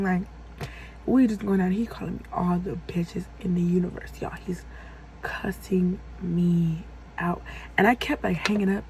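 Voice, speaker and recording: A young woman telling a casual storytime vlog, animated and profane, acting out heated quotes. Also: mid-range voice, normal speed, slight background noise, poor audio. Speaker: vlogger.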